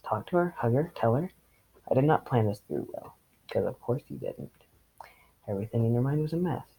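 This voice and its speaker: Gravelly man reading with sarcastic asides. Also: mid-range voice, animated, fairly quick, warm tone, poor audio. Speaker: reader. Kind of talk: reading fan fiction with commentary.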